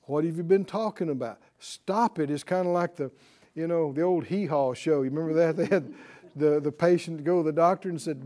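A man preaching a sermon in a lively way, laughing often and checking in with his listeners with "right?". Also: on the high side, normal speed. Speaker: pastor.

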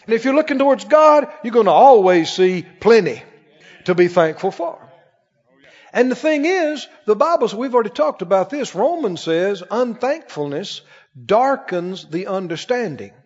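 A man preaching a sermon, reading scripture slowly and breaking into playful acted asides. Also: high voice, animated, a little mellow. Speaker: pastor. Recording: muffled recording with long hall reverb.

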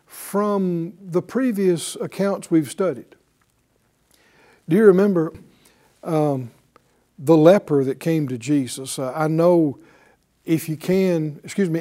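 Fairly high-pitched yet dark in tone, a male Bible teacher works through his sermon slowly. He keeps asking the audience questions and gets them to respond aloud.

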